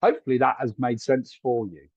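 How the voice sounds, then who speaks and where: A man's voice: mid-range voice, steady tone, a little fast, no room sound, lo-fi sound. A man giving live psychic readings to viewers from a room at home, chatty and hedging, often checking whether his words make sense. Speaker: psychic medium.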